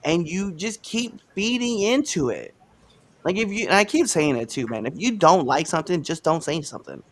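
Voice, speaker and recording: A man talks on a live podcast in a slightly higher voice than most men. He rants in an animated, loose way, full of slang and asides. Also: moderate pace, slight background noise. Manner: animated, laughs often, ranting with slangy asides. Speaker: podcast host. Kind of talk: casual live podcast chat.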